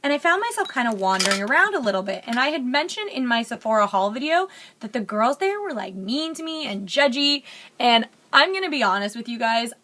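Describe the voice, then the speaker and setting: Woman, young adult, beauty vlogger, casual rambling chat, bright voice, candid, at home. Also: fairly high pitch, sing-song, a little fast, a little hiss or hum. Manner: rambling, candid, filler-heavy chatter. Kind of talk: chatty get-ready-with-me makeup vlog.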